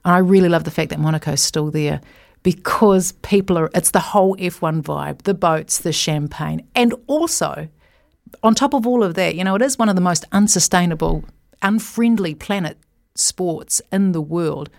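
A chatty woman with a lower, gravelly voice, talking casually and jumping from aside to aside. Her voice is close and dry, with little room sound behind it. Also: normal speed, a little mellow, dry recording. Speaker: guest commentator. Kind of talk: casual chat about motor racing.

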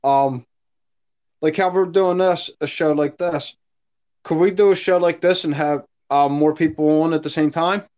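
A man's voice: on the high side, steady tone, normal speed, a little mellow. A man from Philadelphia with a Philadelphia accent, a podcast guest chatting casually in an easygoing, hesitant way. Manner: easygoing, hesitant, with frequent fillers. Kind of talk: casual chat.

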